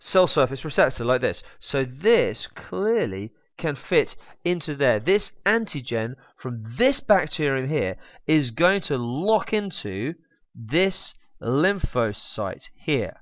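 A man's voice: medium pitch, big pitch swings, slow pace, no echo. A man teaching biology while drawing, chatty, with joking asides and humming as he sketches. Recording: dull, slightly lo-fi dry recording.

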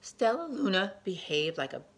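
A woman reading a picture book aloud to children, gently pausing to point out the pictures. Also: medium pitch, very animated, slightly rough.

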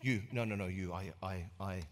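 A man voicing an awkward man who stammers as he refuses to order lunch, low and hushed, in an echoey hall. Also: normal speed, close to an everyday voice. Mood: flustered.

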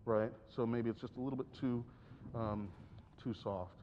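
A man leads a piano masterclass, encouraging a student and often singing phrases or counting beats aloud. His mid-range voice is steady and moves at a normal speed. The recording is slightly dull, with piano playing in the background and slight background noise.

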